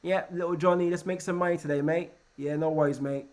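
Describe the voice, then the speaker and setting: Man playing scheming bank traders, breezy and matey, slightly high pitch. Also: steady tone, quick pace, darkish tone, natural voice. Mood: smug. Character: cocky bank traders, men, cheerful schemers.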